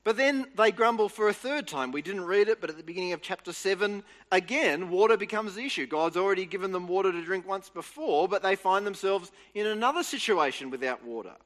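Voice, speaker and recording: A man's voice: high-pitched, animated, fairly quick, hardly any pauses, fairly bright tone. A man giving an earnest, explanatory Bible teaching talk, restarting phrases as he goes. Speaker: preacher. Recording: reverberant hall.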